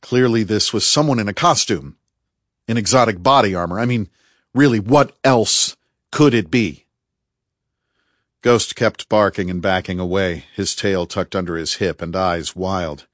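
A man reading a first-person story aloud in a measured, tense storytelling manner, close to the microphone. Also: lowish voice, a bit bright, no room sound. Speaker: audiobook narrator. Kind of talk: first-person fiction narration.

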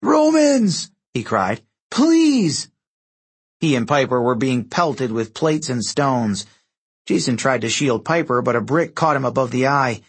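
A man reading an adventure audiobook aloud, expressive and giving each character a voice. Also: medium pitch, normal speed, husky. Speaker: audiobook narrator. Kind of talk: scripted narration.

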